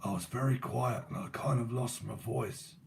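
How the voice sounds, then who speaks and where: A man voicing the spirit of an old man who has lost his voice, speaking in a harsh, halting near-whisper. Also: medium pitch, creaky, distant mic, slight background noise. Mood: faint, apologetic. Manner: halting, apologetic, quiet. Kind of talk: psychic channeling.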